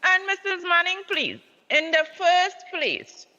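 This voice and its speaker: A woman's voice: very high-pitched, lively intonation, slow pace, bright, forceful tone. A Trinidadian woman calling a morning show, talking with food in her mouth and sounding fed up. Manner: eating breakfast while talking, exasperated. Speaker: caller. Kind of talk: phone-in complaint. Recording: dull phone line with reverb.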